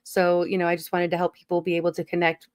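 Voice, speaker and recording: A woman's voice: on the low side, completely flat delivery, fast, clean tone, dry recording, clean studio sound. A woman hosting a live stream in casual chat, upbeat and affirming, laughing often.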